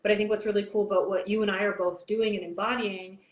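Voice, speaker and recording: A woman's voice: mid-range voice, level tone, quick pace. A Canadian woman hosting a podcast, telling personal stories openly in a casual, chatty way with lots of "like". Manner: open, personal storytelling with frequent "like". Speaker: podcast host. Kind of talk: casual conversation. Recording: roomy echo, faint background noise.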